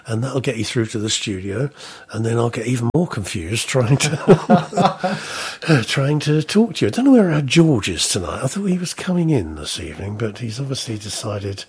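Raspy-voiced radio presenter, chatty man. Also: medium pitch, big pitch swings, normal speed. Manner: chatty, chuckling, self-deprecating. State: slightly rough voice. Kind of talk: casual local radio chat. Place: radio studio.

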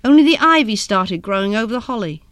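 A woman's voice: on the high side, expressive, fast talker, a bit bright, dry recording, clean studio sound. A woman voicing an elderly male seedsman who talks in a folksy, knowing way.

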